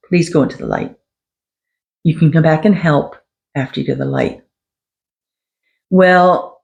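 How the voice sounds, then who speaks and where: Gravelly woman telling a psychic story. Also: lowish voice, a little mellow. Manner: conversational, clears throat, quotes others. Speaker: psychic podcast host. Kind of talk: personal storytelling monologue.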